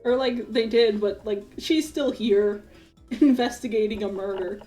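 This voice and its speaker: Young woman, casual game commentary, high-pitched, slow and chatty. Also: warm tone, soft background music. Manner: chatty, laughs often, says "like" a lot. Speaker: streamer. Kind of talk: casual let's-play commentary.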